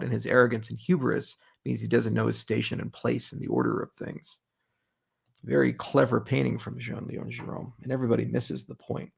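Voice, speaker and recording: Joking, sarcastic man hosting a livestream Q&A, reads out questions. Voice very gravelly and husky. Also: mid-range voice. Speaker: livestream host answering viewer questions. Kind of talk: casual livestream Q&A.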